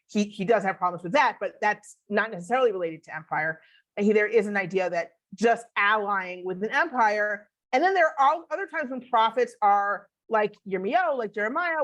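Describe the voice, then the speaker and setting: A woman's voice: medium pitch, a bit bright. A woman teaching a Bible class online, explaining in a conversational way and answering questions as she thinks aloud.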